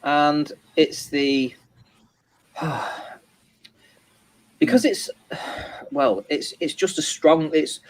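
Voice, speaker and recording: A man co-hosting a live chat stream, talking casually in halting, rambling sentences full of restarts. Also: fairly high pitch, lively intonation, poor audio.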